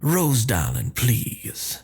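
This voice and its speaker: A man's voice: medium pitch, huge pitch swings, very slow, darkish tone, breathy edge, soft background music, full character voice. A man voicing a blunt, folksy grandmother in her fifties who speaks with a thick accent and familiar terms of endearment. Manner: blunt, familiar, calls people honey.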